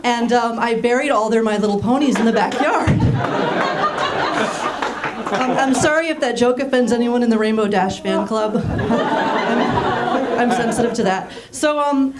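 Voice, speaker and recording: A woman in her thirties, raised in Germany, doing a deadpan stand-up set on a small theater stage with frequent ums. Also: a little high, a little slow, over a noisy crowd, very noisy. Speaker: stand-up comedian. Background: audience laughing.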